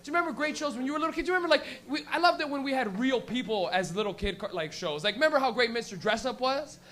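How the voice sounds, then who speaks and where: A man with a high voice works a small comedy room. His stand-up is loose and full of swearing, and he jumps into little acted-out bits. He grew up in Canada. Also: racing. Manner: loose, profane, animated storytelling with acted-out bits.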